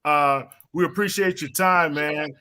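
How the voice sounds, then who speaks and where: Host guy closing out the segment quick, bright edgy voice. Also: fairly high pitch. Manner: brisk, wrapping up the segment. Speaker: podcast host. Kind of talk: casual chat.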